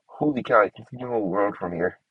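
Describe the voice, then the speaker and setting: A man's voice: on the low side, quick pace, slightly rough, no room sound. Man, casual gameplay chatter, dull lo-fi mic, dry sound. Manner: chatty, talking to himself while building. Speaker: gameplay streamer.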